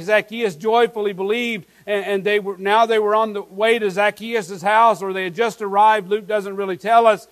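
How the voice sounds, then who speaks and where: A man's voice: sits high, a bit bright, low-quality recording. A pastor preaching an earnest sermon to his congregation, asking his listeners many questions.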